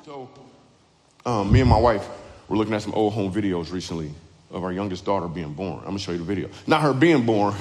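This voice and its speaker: A man telling a story about his newborn daughter in a devotional video, relaxed with light humor. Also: on the low side, fast talker. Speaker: video speaker. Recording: video with music underneath and reverb.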